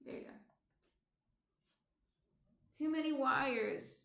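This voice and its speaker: A woman's voice: sits high, takes it slowly, gravelly, fairly bright tone. A woman with a New Jersey accent chatting casually with her live-stream viewers as she bakes at home, often trailing off with ums. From New Jersey, USA. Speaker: baking streamer. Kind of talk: casual live-stream chat while baking. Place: home indoors near kitchen. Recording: roomy echo.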